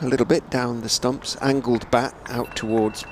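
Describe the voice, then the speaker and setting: A man giving relaxed ball-by-ball cricket commentary from a rooftop commentary position, rising with excitement on the big shots. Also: mid-range voice, a little hiss or hum. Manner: measured, chatty, lifts to excited calls on big shots. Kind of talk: radio-style ball-by-ball commentary. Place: commentary position on a stadium hotel roof.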